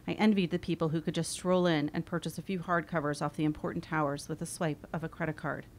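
A woman in her forties reading her own memoir aloud, wry and expressive. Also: deep voice, fast talker, slight background noise. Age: 40s. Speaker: author.

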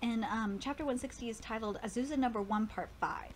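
Excitable woman streamer, high lively voice, casual swearing, home-mic hiss. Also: brisk. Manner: excitable, swears casually, stumbles over words. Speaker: streamer reading a manga aloud. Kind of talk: live reaction and read-aloud.

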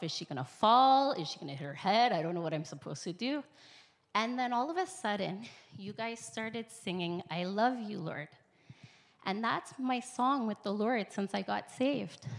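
A woman's voice: medium pitch, fairly bright tone. A woman giving an earnest, emotional personal testimony at the front of a church, rambling at times and speeding up in bursts. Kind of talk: personal testimony before a congregation. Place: church sanctuary, speaking at the front.

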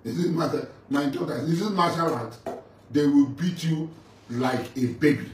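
Speaking at normal speed in a fairly high voice, a middle-aged militant leader with Nigerian-accented English hurls angry mockery at a rival, taunting and confronting him. The roomy recording comes from a distant mic with faint ambient noise.

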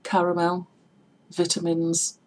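A woman's voice: on the low side, monotone, slow pace, darkish tone, slight background noise, low-quality recording. A woman from Middlesbrough with a Teesside accent, chatting casually in a tag video and explaining local words with examples and spellings. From Middlesbrough, England. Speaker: vlogger.

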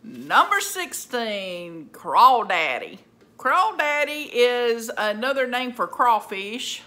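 A woman with a Southern US accent, a vlogger casually running through a list of words in a slow, plainspoken drawl. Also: a little high, big pitch swings, bright, forceful tone.

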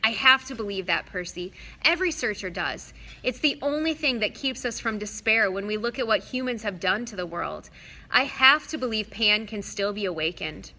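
Woman reading as a mournful, earnest young satyr; bright, lightly raised voice, storybook read-aloud. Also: mid-range voice, animated. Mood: earnest, sorrowful. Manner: sad, earnest, slow at times.

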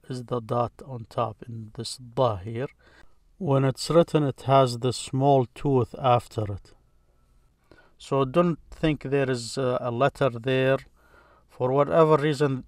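Slow patient male teacher. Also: mid-range voice, no room sound, studio quality. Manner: patient, repeats each sound, pauses often. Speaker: Arabic teacher. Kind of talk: slow letter-by-letter lesson.

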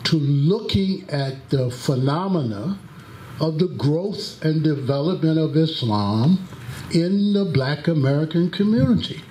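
A man with a fairly high voice speaks very slowly and deliberately as he introduces a lecture. He tells stories and acts out the quotes. His voice rings through an echoey hall, with faint noise in the background. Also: lively intonation, mellow. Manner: deliberate, drawn-out delivery with acted-out quotes. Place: mosque hall.

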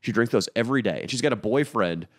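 A man's voice: mid-range voice, lively intonation, quick pace. A man co-hosting a podcast, telling crude stories in casual chat and laughing often. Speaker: podcast co-host.

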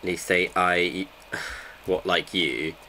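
Deep-voiced man, joking streamer. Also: steady tone, extremely slow, pushed and bright, slight background noise. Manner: joking, bantering with chat. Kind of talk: casual live gameplay chat.

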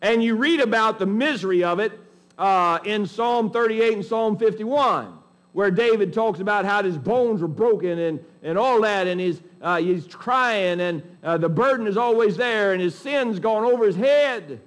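A man's voice: high voice, moderate pace. A male pastor preaching a sermon in a folksy, emphatic way, often restarting his sentences.

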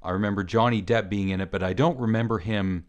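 A man with a deep, low voice chats casually on a film review podcast. He muses aloud, relaxed and unhurried, drifting softer as he works through an idea. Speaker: podcast co-host.

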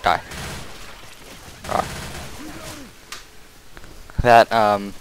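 Man, low and unhurried, casual game commentary with sudden shouted outbursts, faint game sounds under. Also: steady tone. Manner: loud bursts of yelling at enemies between mumbled asides. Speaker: gameplay commentator. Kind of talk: casual let's-play commentary. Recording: faint game noise behind.

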